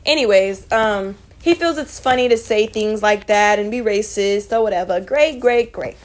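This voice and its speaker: A woman's voice: medium pitch, normal speed. A young woman telling a storytime vlog in a rambling, profane, conversational way, full of dismissive asides. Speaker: vlogger.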